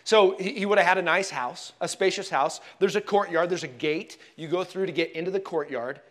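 A man preaching a sermon in a church, telling the story expressively and dropping to hushed tones for emphasis. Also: high-pitched, fairly quick. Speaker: pastor.

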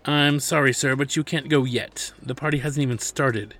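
A man's voice: mid-range voice, steady tone, normal speed, fairly bright tone, voice pushed up. A man voicing a stern, formal male manager and loyal servant, speaking insistently.

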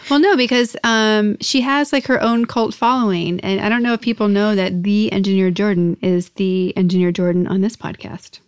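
A woman's voice: mid-range voice, steady tone, normal speed, clear, resonant tone, dry recording, clean studio sound. A young woman hosting a podcast, talking casually and chattily with lots of filler words. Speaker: podcast host and company owner. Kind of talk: casual chat.

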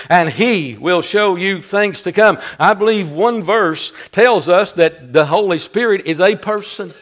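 A pastor in his sixties delivers a sermon in a high, ringing voice. He drives his points home with emphatic repetition and swells into fervent cries. The preaching never settles into a flat, even tone. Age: 60s.

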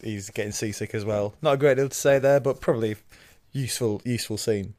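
A man on a podcast recapping TV scenes in casual chat, excited and quick to laugh. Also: fairly low pitch. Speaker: podcast co-host. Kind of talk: casual chat reviewing a TV episode.

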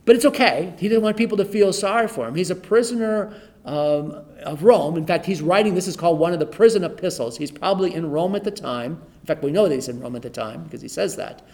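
A man's voice: fairly high pitch, a little mellow. A middle-aged man leading an informal Bible study, reading scripture aloud and explaining it in a conversational way, often repeating his phrases. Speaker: pastor teaching a Bible study.

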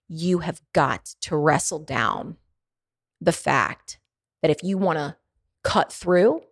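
A woman with a Baltimore accent talks straight to her listeners in an earnest, faith-driven pep talk. Her voice sits a little low, and she repeats her points and stumbles into restarts. The sound is dry and close, with no room around it. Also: no echo. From Baltimore, USA. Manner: earnest, emphatic, repeats phrases for effect; stumbles and restarts, laughs between thoughts. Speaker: podcast host. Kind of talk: motivational faith-based monologue.

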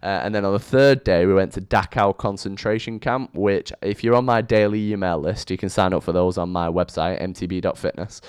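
A young man hosting his own podcast, chatting casually with a rambling, lively intonation into a microphone. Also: sits low, a little fast, few pauses, clear, resonant tone, no room sound, clean studio sound. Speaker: podcast host. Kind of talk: casual solo podcast monologue. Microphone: studio microphone.

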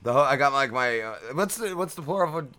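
A man's voice: fairly high pitch, animated, quick pace, bright, forceful tone. A man hosting a podcast in casual chat, telling crude, profane, rambling stories. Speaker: podcast host.

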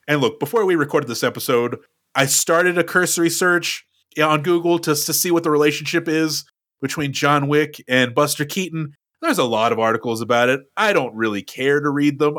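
Bright-voiced wry man recapping. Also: a little high. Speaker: podcast co-host. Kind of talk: casual chat, recapping a film.

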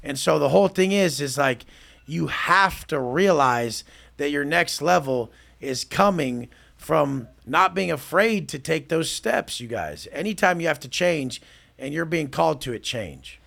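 A man's voice: fairly high pitch, lively intonation, measured pace, creaky, a bit bright. A man speaking as a podcast guest, in a blunt, intense and profane casual style. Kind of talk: casual talk.

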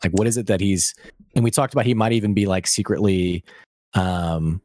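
Low-voiced male host steering a chat. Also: steady tone, fairly quick, darkish tone, no echo, studio quality. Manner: steers the talk, short acknowledgements. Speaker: podcast host. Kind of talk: casual chat about a show.

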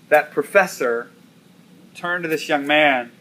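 A man's voice: a little high, a little slow, a bit bright. A man preaching a sermon, telling a story and repeating key lines for emphasis. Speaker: pastor.

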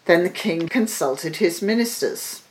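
A woman on the library staff reading a fairy tale aloud in an expressive storytelling manner. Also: lowish voice, measured pace, slight background noise.

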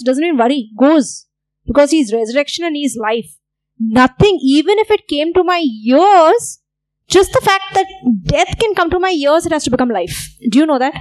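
A woman's voice: high-pitched, a little mellow, no echo, low-quality recording. A woman pastor preaching a sermon, earnest and repeating key phrases for emphasis.

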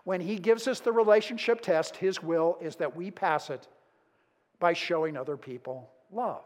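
A middle-aged male pastor preaching a sermon, dramatic and storytelling, moving between emphatic build-ups and hushed moments. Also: high-pitched, normal speed.

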